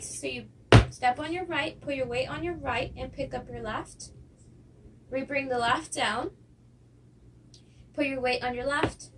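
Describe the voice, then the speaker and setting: A young woman with a high, light voice walks students through footwork and counts the steps aloud. She sounds set back from the microphone, and steady noise runs under her voice. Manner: counts steps aloud, with little laughs and fillers. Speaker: dance teacher. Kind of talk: instructional lesson. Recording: distant mic with clear noise.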